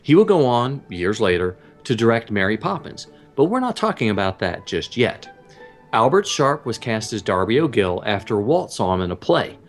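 An easygoing man co-hosting a casual online show in a fairly low voice. He teases his partner and reads history notes in a relaxed, friendly way. Soft music sometimes plays faintly behind him. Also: normal speed. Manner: easygoing, teasing. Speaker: co-host. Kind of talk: casual podcast chat.

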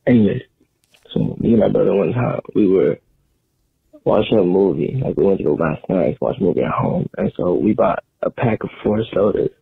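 A man with a low, gravelly, husky voice tells a rambling, self-mocking story. The sound is thin and tinny, like a phone voicemail. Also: fairly quick, no room sound. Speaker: caller.

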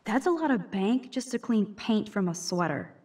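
A woman's voice: medium pitch, animated, moderate pace, a little mellow, breathy edge. An actress voicing a dry, sardonic teenage girl student in a video game. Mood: wry. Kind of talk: game character dialogue.

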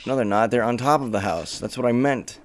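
A young man commentating his own gameplay casually, swearing often and bursting into frustrated shouts. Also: mid-range voice, brisk, soft background music. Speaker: let's play gamer.

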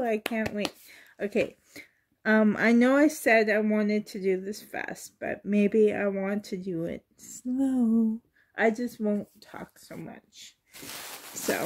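A woman vlogger with a sore throat and cough chats through a doll unboxing, gushing with excitement and trying to spare her voice. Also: mid-range voice, drawn-out words, long pauses, noisy background. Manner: excited and gushing, often laughing; holds back her voice, sometimes drops to a whisper. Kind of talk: casual unboxing chat.

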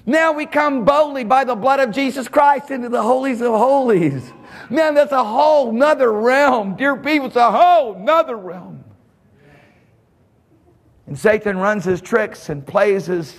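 With a big-room sound around him, a pastor preaches fervently at a church service. He chuckles between phrases and leaps from sudden shouting to low, quiet speech.

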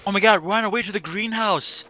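A young man hosting a gameplay video, giddy and shouting his excitement, repeating exclamations over and over. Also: sits high, quick pace. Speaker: gameplay host. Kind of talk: excited gaming commentary.

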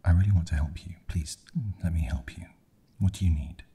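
A man's voice: deep voice, brisk, dark tone, breathy edge. A man voicing a worried, pleading young woman in a whispered role-play. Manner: pleading, anxious.

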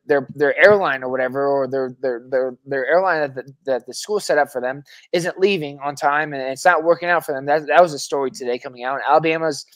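A man co-hosting a sports podcast, talking in an animated, casual way, repeating words, restarting sentences and swearing freely. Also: fairly high pitch, no echo. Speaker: podcast co-host. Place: Arizona.

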